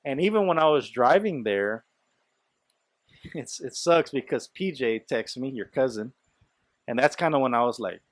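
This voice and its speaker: A man's voice: mid-range voice, lively intonation, normal speed, long pauses, no echo. A man hosting a podcast, telling a story in loose casual talk, full of swearing, fillers and quoted speech. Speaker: podcast host.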